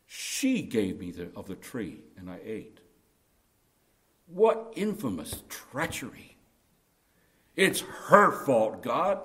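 A man preaching a sermon earnestly, building to impassioned emphasis at key points. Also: fairly high pitch. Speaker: pastor.

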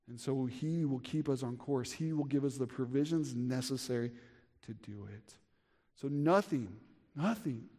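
A man in his thirties preaching a sermon as pastor, earnest, swinging from emphatic high peaks to quiet low drops. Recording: long hall reverb.

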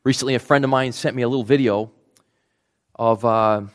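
A man's voice: mid-range voice, fairly even intonation, a little fast. Earnest male preacher. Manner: earnest, restarts words, drops to a soft hush for tender moments. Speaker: pastor. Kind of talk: sermon.

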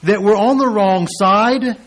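In this expository sermon, a high-pitched man speaks slowly, reading scripture aloud and rising to loud, emphatic peaks as he quotes it.

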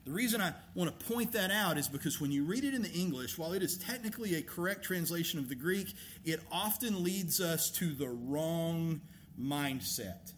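A man preaching a sermon as a pastor, emphatic and animated, asking rhetorical questions. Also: on the high side, moderate pace, slight background noise.

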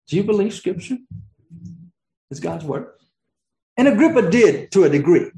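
A man's voice: sits high, expressive, normal speed, long pauses, darkish tone, echoey room, poor audio. A man preaching a sermon, earnest, often restarting his sentences and rising into emphatic peaks. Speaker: pastor.

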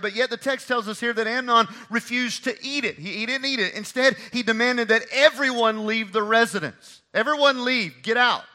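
A man preaching a sermon, emphatic and repeating phrases for stress, swinging between hushed and loud. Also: high-pitched. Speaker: pastor.

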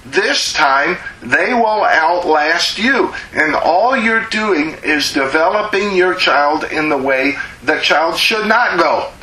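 A man delivers a sermon as a pastor, speaking slowly with deliberate weight. His voice is bright and a little high for a man, and it rings in an echoey room. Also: slight background noise. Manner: slow, emphatic preaching with drawn-out words.

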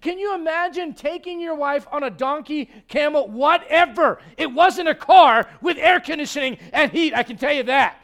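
High-voiced animated male pastor. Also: normal speed, few pauses. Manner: animated, joking, acts out quoted voices. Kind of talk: sermon.

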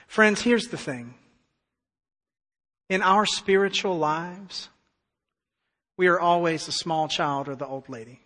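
A man preaching a sermon as pastor, emphatic, swinging between hushed stretches and loud declarations. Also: sits high, takes it slowly, long pauses. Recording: long hall reverb.

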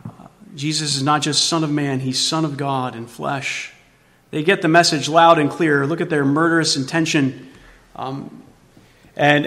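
A pastor preaches a sermon in a large hall, his voice a little high. He asks the congregation rhetorical questions and shifts between loud emphasis and hushed tones.

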